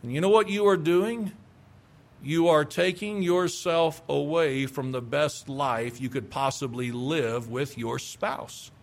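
A man's voice: on the high side, slow pace, gravelly. A middle-aged male pastor preaching a sermon with emphasis, acting out the replies people give. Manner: emphatic, acts out quoted replies.

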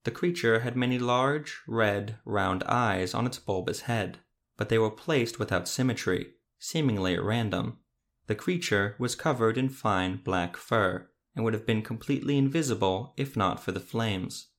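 A man with a somewhat low voice reads a fantasy adventure aloud. His narration is steady and measured, carrying the plot forward. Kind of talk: fantasy story reading.

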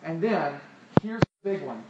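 A man's voice: on the high side, sing-song, measured pace, dull audio. A man preaching a sermon, talking conversationally and asking the crowd rhetorical questions. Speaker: pastor. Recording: echoey hall, distant mic, loud noise.

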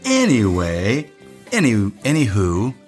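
A man's voice: lowish voice, huge pitch swings, slow pace, faint music behind. A man co-hosting a casual wine tasting show, chatty and rambling, laughing often.

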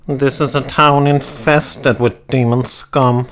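A man voicing a desperate townsman who pleads slowly and in anguish. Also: mid-range voice, little pitch movement, lightly acted.

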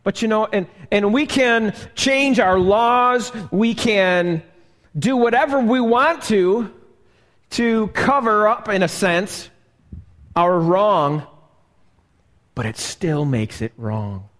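A male pastor preaches in a high voice at a slow, deliberate pace, putting rhetorical questions to his congregation. His words ring out with a long reverb through the church hall where he was recorded live. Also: expressive, fairly bright tone. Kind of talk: live sermon. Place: church sanctuary.

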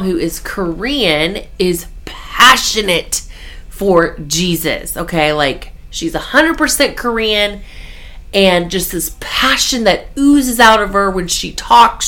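Slow-spoken earnest woman preaching. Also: mid-range voice, bright, forceful tone. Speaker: devotional podcast host. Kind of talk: faith talk.

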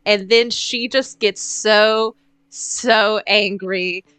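Female player, bright tone, dramatic in-character narration. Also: mid-range voice, steady tone, very slow, clean tone, no echo, low-quality recording. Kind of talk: playing a tabletop game.

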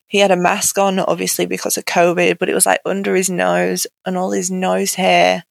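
A woman's voice: on the low side, completely flat delivery, normal speed, gravelly, a little hiss or hum. A young woman as an interview guest, telling her own story candidly and conversationally, with many "like" fillers. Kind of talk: personal account in an interview.

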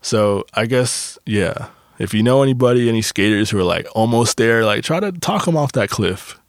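A man's voice: mid-range voice, expressive, moderate pace, no echo, studio quality. A young man hosting a podcast, talking in a loose, rambling and profane way, full of fillers and restarts. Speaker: podcast host. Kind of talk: casual monologue.

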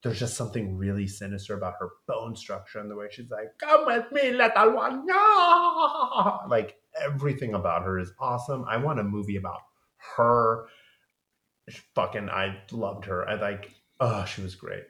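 A man co-hosting a podcast, chatting casually about a film and dropping into squeaky voices for quotes. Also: echoey room. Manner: animated, rapid run-on retelling with squeaky quoted voices. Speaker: podcast co-host.

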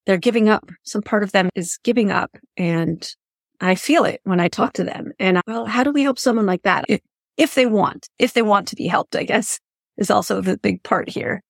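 A woman's voice: medium pitch, moderate pace, creaky, no echo, studio quality. A woman hosting an interview podcast, chatting in an earnest, effusive way and thinking aloud as she goes. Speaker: podcast host. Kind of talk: reflective interview chat.

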